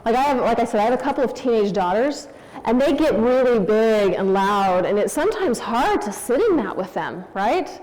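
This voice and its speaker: A woman's voice: fairly high pitch, normal speed. Give me a woman in her forties telling candid parenting stories at church, in a reverberant hall. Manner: candid, anecdotal, animated. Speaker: church speaker. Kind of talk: talk on parenting.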